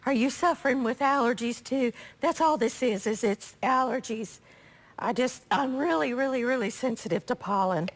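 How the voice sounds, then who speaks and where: Lady cooking on live tv, raspy allergy voice, kinda high, chatty and homey. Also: normal speed. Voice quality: chatty, homey, talks to viewers directly. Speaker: cooking show host.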